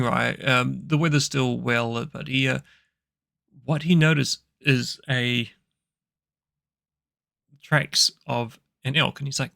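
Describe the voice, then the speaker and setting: Brief: gravelly-voiced man running a solo tabletop game, rambling and self-correcting, dry close sound. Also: medium pitch, sharp tone, no echo.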